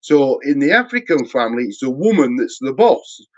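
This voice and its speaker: A man hosting a casual live stream, rambling and swearing, his voice jumping high when he mimics others. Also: sing-song, normal speed, a little mellow. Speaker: host. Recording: dull lo-fi sound.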